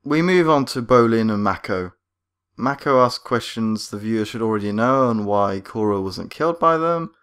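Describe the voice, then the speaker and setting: A man's voice: on the low side, expressive, moderate pace, fairly bright tone, clear, resonant tone. A man giving scripted critique commentary on a cartoon episode, sarcastic and exasperated. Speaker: video reviewer.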